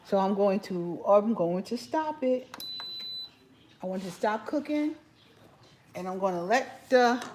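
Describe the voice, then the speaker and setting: Woman, New York accent, chatty cooking host, mid pitch, light background noise. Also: lively intonation, unhurried, long pauses, a little mellow. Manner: chatty, talks while cooking. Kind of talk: casual cooking vlog chat.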